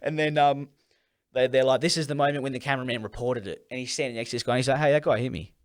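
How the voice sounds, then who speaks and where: A man's voice: mid-range voice, steady tone, very fast, smooth. A man co-hosting a casual podcast, telling rambling stories full of swearing and acted-out quotes. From Australia. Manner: rambling storytelling with heavy swearing. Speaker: podcast co-host.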